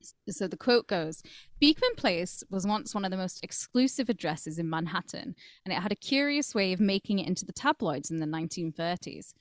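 A woman's voice: on the low side, lively intonation, a little fast, no room sound, studio quality. A woman co-hosting a podcast, chatting casually and telling a true-crime story with jokes and quotes read aloud. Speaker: podcast co-host.

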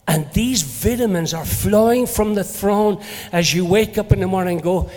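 An older Scottish man preaching a sermon as a pastor, lively and playful in his storytelling. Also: high voice, normal speed. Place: church hall. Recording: long hall reverb.

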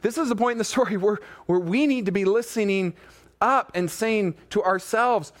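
A man preaching a sermon, retelling a Bible story with lively asides and acted-out quotes to his congregation. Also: sits high, moderate pace. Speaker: pastor.

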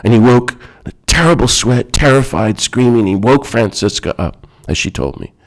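A man's voice: mid-range voice, expressive, normal speed. A man giving a reflective talk in an earnest, emphatic way.

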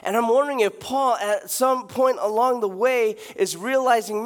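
A young adult man preaches from the pulpit with a notably high voice. He tells stories with lively, animated delivery and joking asides, sometimes mimicking a loud street preacher. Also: moderate pace, few pauses. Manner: animated, acts out shouting street preachers with big pitch jumps; joking, laughs at his own asides. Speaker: pastor. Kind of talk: sermon.

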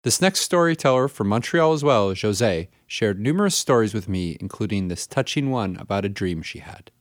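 A man hosting a storytelling podcast, calmly introducing each story in scripted narration. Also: lowish voice, moderate pace. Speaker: podcast host.

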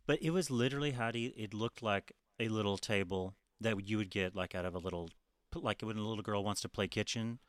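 A man's voice: lowish voice, a little fast, no echo, clean studio sound. A man co-hosting a casual chat, mocking and profane, laughing often. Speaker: podcast co-host.

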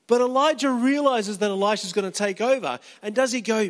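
A man preaches a sermon in a relaxed storytelling style. His voice sits unusually high for a man. A long reverb from a big hall trails every phrase. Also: brisk. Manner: casual, storytelling, acts out quotes. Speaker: pastor.

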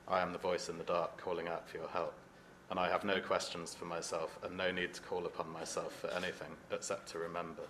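A man's voice: low voice, a bit bright, slight background noise. Man reading as a trapped slum boy. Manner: solemn, measured reading in his own unaccented voice. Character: trapped teenage boy from a slum, haunted, alone. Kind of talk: reading aloud from a novel.

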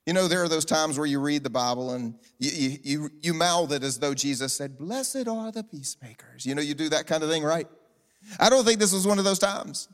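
A man's voice: fairly high pitch, a little fast, clean tone. A man delivering a sermon as a pastor, conversational and humorous, with chatty asides and restarts. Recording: echoing large hall, faint music.

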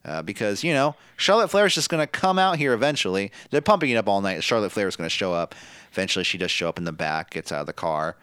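Podcast host, lower-pitched man, cursing and laughing through a casual recap, dry close mic. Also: expressive, quick pace, fairly bright tone, smooth, dry recording. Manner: profane, laughing, storytelling.

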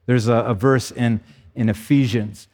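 A man's voice: mid-range voice, steady tone, a little slow, darkish tone. Man preaching in a reverberant hall. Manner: earnest, conversational preaching with repeated restarts. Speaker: pastor. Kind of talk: sermon. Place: church sanctuary.

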